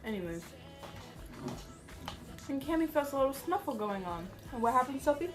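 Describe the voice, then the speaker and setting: A young woman telling a story over a fast-food meal for her vlog, blunt and full of swearing. Her voice sits a little high. Clear music runs in the background. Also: sing-song. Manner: blunt, profane, teasing storyteller. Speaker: vlogger. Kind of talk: casual mukbang vlog chat.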